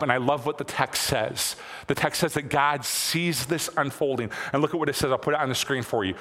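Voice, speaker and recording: A man in his thirties preaching a sermon in a church, talking conversationally, repeating phrases for emphasis and climbing to excited peaks. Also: medium pitch, brisk, hardly any pauses. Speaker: pastor. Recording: long hall reverb.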